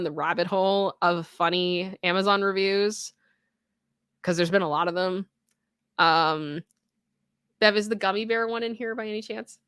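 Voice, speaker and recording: A woman's voice: mid-range voice, fairly even intonation, moderate pace, long pauses, fairly bright tone, clear, resonant tone, dry recording, studio quality. A young adult woman hosting a casual live stream, reading viewer comments and chatting in a rambling way with many fillers and restarts.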